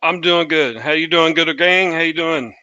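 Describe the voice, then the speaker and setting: Smooth-voiced man, the show's producer. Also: fairly high pitch, moderate pace, pushed and bright, dry recording, lo-fi sound. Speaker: show producer. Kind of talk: casual chat.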